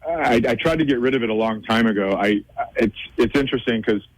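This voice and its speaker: A man's voice: medium pitch, brisk, no room sound, poor audio. A male comedian in his forties from Minnesota, a guest in a casual radio interview, telling wry stories and acting out quotes. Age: 40s.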